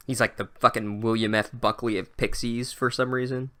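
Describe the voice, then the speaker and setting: A man's voice: lowish voice, level tone, normal speed, hardly any pauses, fairly bright tone. A man hosting a comedic book recap podcast, talking in a sarcastic, profane, rambling way. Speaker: podcast host.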